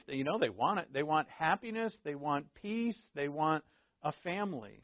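A man's voice: fairly high pitch, lively intonation, moderate pace, no room sound. A man preaching as a pastor in informal Bible teaching, conversational and joking, often checking in with his listeners. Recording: dull lo-fi dry recording.

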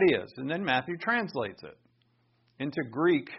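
Animated, husky-voiced male Bible teacher. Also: on the high side, unhurried, dull audio. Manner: emphatic, animated, thinks aloud with restarts.

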